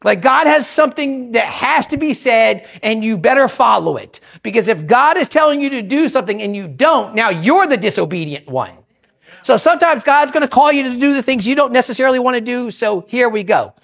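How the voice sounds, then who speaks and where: Very high-pitched, gravelly and a bit bright, this man's expressive, brisk voice belongs to a visiting preacher delivering a sermon. He tells stories in a conversational way, cracking jokes on the side, repeating phrases and cutting himself off.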